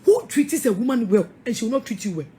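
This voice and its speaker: A woman's voice: fairly high pitch, sing-song, quick pace, dark tone, slight background noise. A middle-aged woman pastor with a Ghanaian English accent, giving an emphatic, scolding sermon-style talk with frequent laughs and repeated words.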